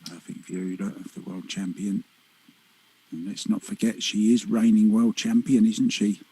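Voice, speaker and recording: A man co-commentating a pool match live, relaxed and joking, reacting to shots with short remarks. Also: lowish voice, unhurried, slightly rough, poor audio.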